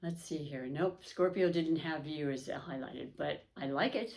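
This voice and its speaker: A woman's voice: deep voice, unhurried, vocal fry, darkish tone. A woman hosting an astrology and tarot reading, talking to viewers in a chatty, upbeat way with many fillers and restarts. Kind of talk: casual spoken reading to camera.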